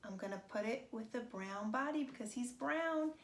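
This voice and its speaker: Higher-pitched lady doing a kids craft, gentle singsong, slow and patient, echoey room with a little hiss. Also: animated. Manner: gentle, slow and sing-song, talking to young children. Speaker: preschool craft teacher. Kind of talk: children's craft demonstration.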